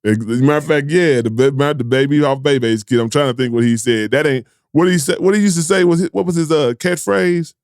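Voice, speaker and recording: A man hosting a casual comedy podcast, telling animated, profane stories and breaking into laughter. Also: on the high side, fast talker, hardly any pauses, clear, resonant tone, no echo, clean studio sound. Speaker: podcast host.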